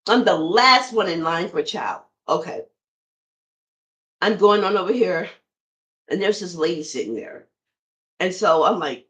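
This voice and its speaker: A woman's voice: lowish voice, expressive, a little slow, pauses often, a bit bright, rough recording. Middle-aged woman telling a story. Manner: conversational, addresses listeners directly. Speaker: podcast host. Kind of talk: personal storytelling.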